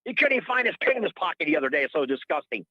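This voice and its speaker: A man's voice: on the high side, sing-song, racing, no echo, muffled recording. A middle-aged man calling in to a radio show, ranting in a heated, rambling, indignant way and repeating himself. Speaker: caller. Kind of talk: heated call-in rant.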